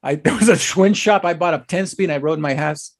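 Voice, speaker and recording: A man's voice: a little high, brisk. A man co-hosting a podcast, telling stories in a casual, slangy way full of bro and dude. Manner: animated storyteller, slangy, swearing, says bro and dude. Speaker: podcast co-host. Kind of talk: casual chat.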